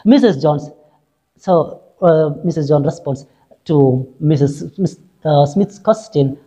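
A woman's voice: deep voice, slow, warm tone. A woman teacher reading a play aloud and explaining each line in simple words, with many fillers and frequent "right?" checks. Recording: dull lo-fi recording.

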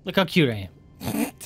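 Excitable male streamer with a lively voice. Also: on the high side. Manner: excitable, yelps and swears at enemies; chatty, thanks viewers by name. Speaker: livestreamer. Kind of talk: live gameplay commentary.

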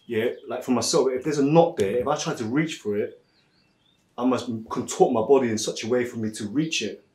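A man's voice: medium pitch, brisk, darkish tone. Laid-back man in an echoey room. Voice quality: laid-back, chuckles often, says "man". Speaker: massage therapist. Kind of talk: casual chat and storytelling. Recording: roomy echo.

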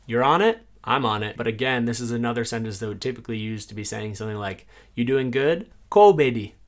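A man who teaches a language reviews a translation tool in a casual way. He says each phrase aloud and then explains what it means, adding quick asides. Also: medium pitch.

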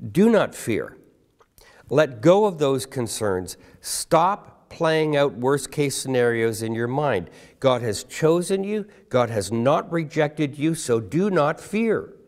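A male pastor delivers a sermon to his congregation, his pitch rising and falling in wide, animated swings. He drops his pace to press on key words and keeps asking the listeners questions directly. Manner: emphatic, rhetorical questions to congregation; slows down to stress key words. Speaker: guest pastor.

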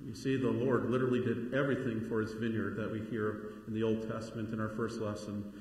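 A man's voice: fairly low pitch, flat delivery, a little fast, darkish tone, a little hiss or hum. A middle-aged man, a pastor giving a sermon in a conversational way, with frequent asides and rising emphasis. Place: large church sanctuary. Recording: very echoey church hall, faint ambience.

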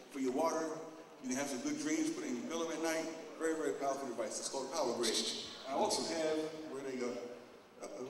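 A man giving a casual live demonstration talk to an audience, directing volunteers and getting animated as he tells stories. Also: fairly high pitch. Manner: gets loud and animated in stories. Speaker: opening speaker at a lecture. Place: large echoing hall. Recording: echoey hall, distant mic, background noise.

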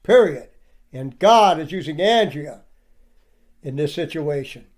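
A man's voice: on the high side, animated, a little slow, a little mellow. A man giving indignant, preachy commentary over clips and firing off rhetorical questions. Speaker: online commentator.

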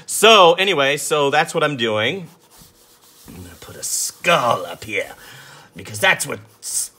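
Brief: artist narrating his sketch in a lively, sharp, husky voice. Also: mid-range voice. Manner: chatty, self-amused, talks while sketching. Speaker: artist teaching drawing. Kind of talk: casual drawing tutorial chat.

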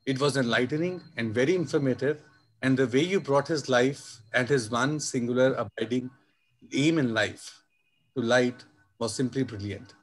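A man, hosting an online session and closing it with formal thanks, warm and full of praise. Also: mid-range voice, normal speed. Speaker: host of the session.

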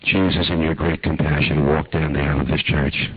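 An older man with a husky voice, leading a slow, earnest guided prayer as a preacher in a sermon. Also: very deep voice, flat delivery, dry recording, lo-fi sound.

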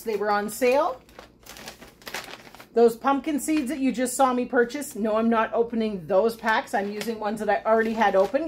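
A fairly high-pitched woman, heard over slight background noise, hosts a homesteading channel. She goes through a recipe at home in a casual cooking demo, talking as she works and teasing herself along the way.

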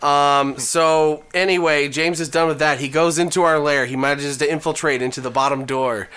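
A man's voice: fairly high pitch, fairly even intonation, moderate pace, a bit bright, clear, resonant tone. A man co-hosting a comedy podcast, improvising a silly story with lots of swearing and laughter. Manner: giggly, profane, acts out characters mid-story. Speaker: podcast co-host.

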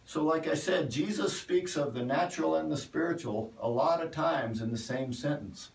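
A man gives a folksy cowboy-church sermon in an easygoing, conversational way. His voice sits a little high for a man. He sounds set back from the mic in a roomy, echoing space. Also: normal speed, vocal fry, hardly any pauses, far from the mic. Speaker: pastor. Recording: echoey room, voice from off the mic.

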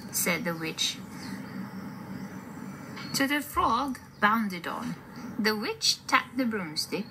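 A woman reading a picture book aloud to a child, animated, with gasps and whispers. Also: medium pitch, takes it slowly, creaky, pauses often. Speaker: reader. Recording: noisy home recording.

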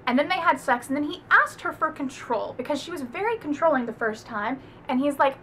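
A young woman gushes through a casual book review, emphatic and quick to swear. Her voice is high and bright. A faint hum sits under the recording. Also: lively intonation.

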